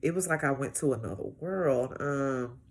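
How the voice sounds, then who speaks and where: A woman's voice: a bass voice, slight background noise. A woman sharing a personal healing testimony in a vlog, talking to viewers in a reflective, emotional way. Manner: slow, reflective, emotional, talks straight to viewers. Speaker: healing client giving a testimony.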